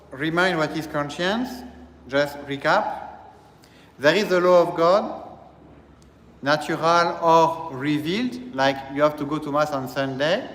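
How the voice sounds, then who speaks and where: A man who serves as a priest, delivering a slow, deliberate teaching sermon and repeating phrases as he explains. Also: fairly high pitch. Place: church. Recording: echoey church hall, faint ambience.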